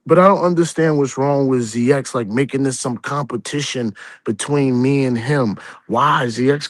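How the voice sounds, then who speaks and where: A man's voice: medium pitch, moderate pace, no echo. A man on a live stream, scolding another creator in a heated, repetitive rant. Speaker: accountant.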